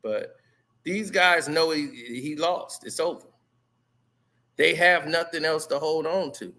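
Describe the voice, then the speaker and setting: A man giving casual commentary, animated and laughing often. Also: fairly high pitch, slow pace. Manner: animated, laughing, mimics loud greetings.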